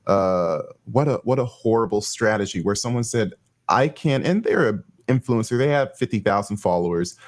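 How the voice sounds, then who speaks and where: A man co-hosting a casual chat, explaining his points in a measured way with some fillers. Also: on the low side.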